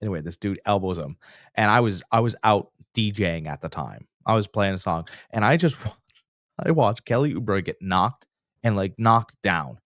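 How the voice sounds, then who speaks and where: A man co-hosting a casual sports podcast, his pitch swinging widely as he spins stories. He trails off and restarts often. The sound is dry and close to the mic. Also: normal speed, no room sound. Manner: animated storyteller, trails off and restarts.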